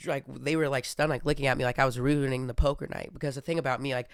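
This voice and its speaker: A man's voice: medium pitch, steady tone, quick pace, clean tone, dry recording, clean studio sound. A young man hosting a casual monologue, rambling with many fillers and restarts. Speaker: podcast host.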